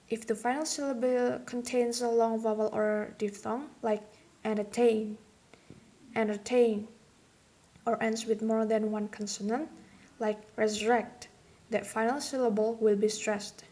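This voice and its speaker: A young woman, a student, reading a class presentation aloud, slowly and carefully, saying each example word twice. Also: a little high, darkish tone. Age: young adult. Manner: slow, careful, repeats example words.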